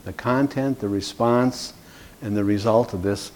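A man's voice: fairly low pitch, measured pace, a little mellow, slight background noise. A man teaching an evangelism class, earnest and repeating key words for emphasis. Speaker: evangelism trainer.

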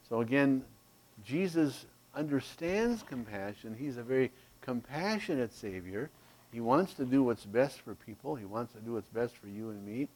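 A man preaching a sermon, teaching verse by verse in a slow, emphatic way and checking in with "Okay?". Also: mid-range voice, animated, darkish tone, poor audio. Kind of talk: expository sermon.

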